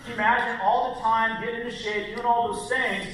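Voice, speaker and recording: A man giving an energetic, punchy motivational talk on stage, speaking directly to the crowd in a large hall. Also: very high voice, fairly quick. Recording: echoey hall from far off, faint noise.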